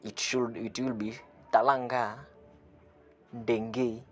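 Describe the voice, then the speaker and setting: A man giving an online language lesson, saying phrases slowly, repeating them and translating each one, with a chuckle now and then. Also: medium pitch, level tone, faint music behind. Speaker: language teacher.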